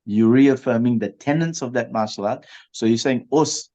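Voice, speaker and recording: An older man, a martial arts master, answers as an interview guest in a mid-range voice. He talks in a reflective, measured way and sets out firm principles. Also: mid-range voice, mellow. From Australia. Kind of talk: interview conversation.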